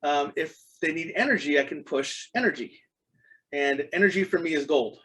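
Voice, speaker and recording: A middle-aged man talking as a podcast guest, with a voice a bit higher than most men's. He tells his stories earnestly, circling back with ums and restarts. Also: moderate pace, bright, forceful tone, poor audio. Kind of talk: casual interview chat.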